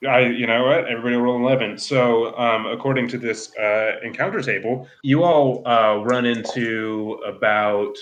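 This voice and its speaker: A man narrating as game master in a tabletop game, relaxed and full of fillers. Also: mid-range voice, normal speed, few pauses, lo-fi sound.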